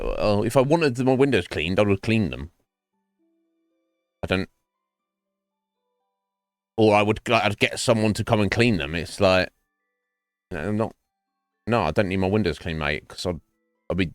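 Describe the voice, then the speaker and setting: A low-pitched man in his forties rambles through a casual stream chat. He swears freely and pokes fun at himself. The mic is close and dry, with faint game music behind him. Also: fairly bright tone, no echo. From England. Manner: rambling, sweary, self-mocking. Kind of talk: casual chat while gaming. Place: home streaming setup.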